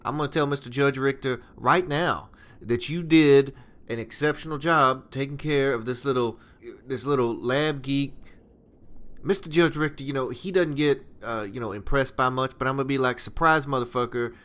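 A man's voice: medium pitch, moderate pace, a bit bright, natural voice. A man voicing a folksy, crude male mercenary boss who hands out contracts in a drawling, friendly way.

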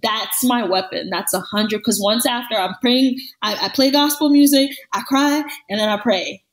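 A woman co-hosting a podcast in casual chat, talking in an animated, emphatic way and repeating phrases for stress. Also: fairly high pitch, moderate pace, rough recording. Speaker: podcast co-host.

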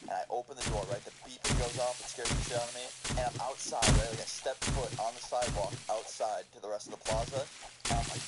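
A man casually telling a story over gameplay, animated and full of swearing. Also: medium pitch, fast. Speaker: gaming video host. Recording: loud background noise.

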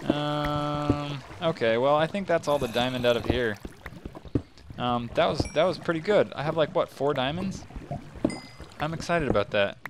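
A man hosting a gaming channel, talking to himself in casual, excitable commentary as he plays. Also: a little high, moderate pace, noisy background. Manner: chatty, excitable, talks to himself while playing.

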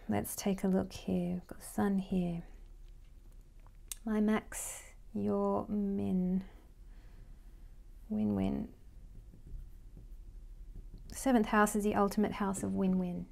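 This is a woman teaching Vedic astrology in a loose, conversational lesson. Her voice is dark and mellow, with a gravelly edge of vocal fry. She thinks aloud as she works through her notes. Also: mid-range voice. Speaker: Vedic astrology life coach.

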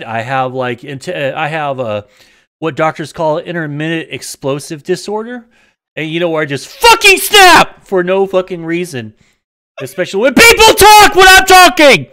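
Male game streamer, raised voice, clear, swings wildly in pitch, quick to yell and swear. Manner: excitable, swearing, prone to sudden yelling outbursts. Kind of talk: casual live-stream chat while gaming.

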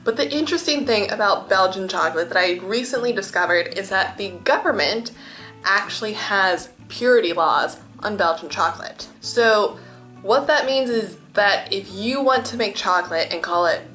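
A young woman food vlogger, chatting with enthusiasm and gushing while she tastes, her voice dropping to soft murmurs as she eats. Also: medium pitch, lively intonation, normal speed, faint music behind. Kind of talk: chatty food tasting vlog.

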